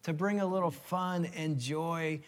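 A man's voice: fairly high pitch, measured pace. A middle-aged man co-hosting a marriage talk, telling a funny story as a former team chaplain. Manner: animated, jokey storyteller.

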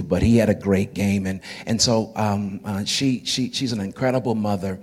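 A man's voice: fairly low pitch, steady tone, normal speed, hardly any pauses, a little mellow, slightly rough, faint music behind. A man preaching to his congregation in church, folksy and joking, often repeating his words. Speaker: pastor. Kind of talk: sermon. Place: church sanctuary.

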